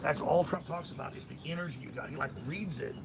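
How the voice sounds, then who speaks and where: A middle-aged man hosting a live stream, ranting heatedly with a gravelly voice, swinging between shouting and muttering. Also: on the high side, quick pace, background noise. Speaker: host.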